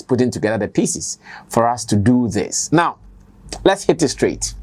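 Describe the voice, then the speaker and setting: A man's voice: mid-range voice, darkish tone. Emphatic Ghanaian man giving commentary. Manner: emphatic, conversational, repeats his points. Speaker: commentator and online show host. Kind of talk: spoken editorial commentary.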